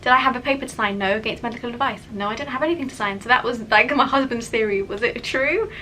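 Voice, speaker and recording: Bright-voiced young woman vlogger. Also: a little high, quick pace, slight background noise, poor audio. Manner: candid, chatty, many "like" fillers. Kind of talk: casual personal storytelling.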